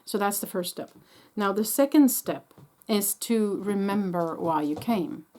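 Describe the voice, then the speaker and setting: A woman psychic medium giving a gentle, reassuring spiritual talk, pausing and restarting often while sucking a lozenge. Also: medium pitch, lively intonation. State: sucking a lozenge after coughing.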